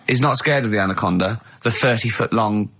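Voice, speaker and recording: A man's voice: fairly low pitch, a little fast, a bit bright, breathy edge, dull audio. A man hosting a radio show in a studio, telling teasing anecdotes with frequent giggles. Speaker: radio host. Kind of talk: unscripted radio comedy chat.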